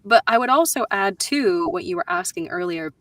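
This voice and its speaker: A woman's voice: on the high side, very animated, normal speed, vocal fry, a bit bright, no echo. A woman voice actor on a panel, chatting casually and giving emphatic advice. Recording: dry sound, distant from mic.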